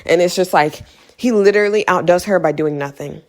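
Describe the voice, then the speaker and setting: A woman's voice: on the low side, brisk, a little mellow. Exasperated woman ranting about a movie. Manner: heated, exasperated, repeats points for emphasis. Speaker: video creator. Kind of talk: casual movie recap rant.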